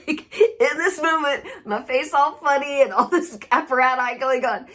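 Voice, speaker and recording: A woman tells a funny home story in a casual, giggly monologue, often breaking into laughter. Her voice sits a little high and swoops up and down with lively swings of pitch. She hosts a wellness podcast. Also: normal speed, few pauses. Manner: soft and soothing in a gentle wrap-up.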